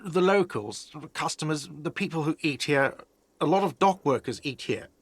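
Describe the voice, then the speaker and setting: A man's voice: fairly high pitch, animated, moderate pace, no room sound. An actor playing an irritable, defensive male cafeteria manager in a video game, curt and exasperated. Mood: grudging.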